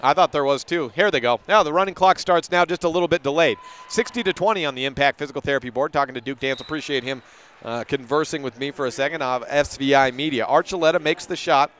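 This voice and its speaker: Calling a high school girls' basketball game for local radio, a man moves at a brisk clip and occasionally goes back to correct a name. The sound is slightly bright and carries a light hiss or hum.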